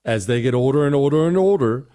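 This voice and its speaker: A man's voice: mid-range voice, expressive, fast, mellow. A middle-aged man hosting a talk show, giving blunt, exasperated opinions and answering listener emails.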